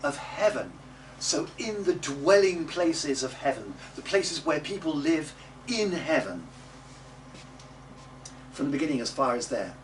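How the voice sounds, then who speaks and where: A man teaching a music class, coaching the group and modelling words slowly and loudly for them to repeat. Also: fairly high pitch, sing-song, a crowd in the background. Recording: distant mic with noisy room ambience.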